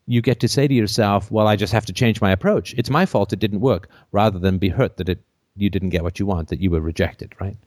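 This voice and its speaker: A man hosting a call-in show, giving advice in a talkative, animated way and acting out jokes. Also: on the low side, no echo, clean studio sound. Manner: animated, acts out silly voices and jokes. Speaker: host.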